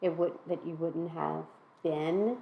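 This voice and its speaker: A woman hosting a candid talk with her younger sister, asking questions gently and backing her up with frequent soft murmurs of agreement. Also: sits low, fairly even intonation, slow, creaky, phone-quality sound. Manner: gentle, supportive, many mm-hmms. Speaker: host, older sister interviewing. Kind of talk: conversational interview.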